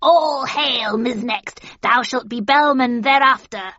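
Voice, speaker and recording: A woman's voice: a little high, takes it slowly, sharp tone, dry recording, voice pushed up, heavily acted. A woman voicing pushy, ugly old female witches who chant archaic prophecies, in a dull, dry recording. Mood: wheedling.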